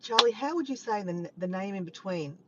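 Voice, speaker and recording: A woman from Australia with an Australian accent, chatting casually and warmly with live viewers, sometimes breaking into bits of song. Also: mid-range voice, lively intonation, fairly quick. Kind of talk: casual live-stream chat. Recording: dull lo-fi sound with faint background noise.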